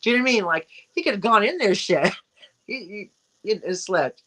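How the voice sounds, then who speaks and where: Animated rambling woman co-host. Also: medium pitch, moderate pace, poor audio. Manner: animated, rambling, frequent restarts. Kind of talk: casual chat.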